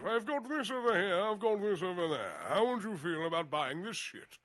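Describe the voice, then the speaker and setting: Scheming, pompous male auctioneer, put on by a man; high, showy sales patter with drawn-out yeses. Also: lively intonation, fairly bright tone, no room sound. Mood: hawking.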